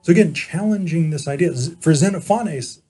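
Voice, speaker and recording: A man giving an informal philosophy lecture. He explains in a measured way, pausing often and correcting himself as he goes. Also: fairly high pitch, lively intonation, dark tone, breathy edge, faint music behind. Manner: measured explaining, frequent pauses and self-corrections.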